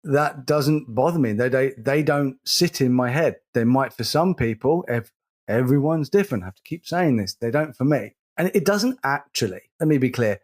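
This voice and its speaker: This podcast co-host, a man with a mid-range voice, sounds animated yet earnest, talking slowly on a casual show. To drive a point home, he says words more than once.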